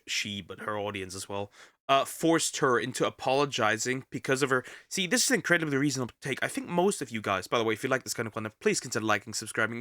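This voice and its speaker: A man's voice: mid-range voice, bright, forceful tone, no echo, studio quality. A man who is a little sick, giving casual reaction commentary as a streamer, rambling with many restarts and repeated words. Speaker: vtuber reacting to a video.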